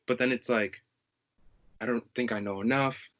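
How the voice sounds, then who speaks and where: A man's voice: mid-range voice, fairly even intonation, moderate pace, a bit bright, lo-fi sound. A young man talking earnestly and reflectively in a casual conversation, searching for his words. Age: young adult.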